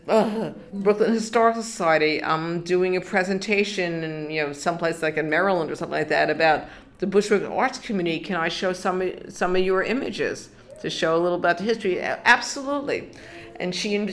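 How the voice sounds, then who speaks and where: In a low voice, an older New York woman recounts her story for an oral history interview. She restarts frequently and slips in fragments of quoted dialogue.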